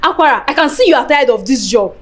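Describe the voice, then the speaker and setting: Scolding sister-in-law, Nigerian accent, high lively voice, quick speech. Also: female voice. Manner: scolding, threatening. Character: haughty sister-in-law, sharp-tongued.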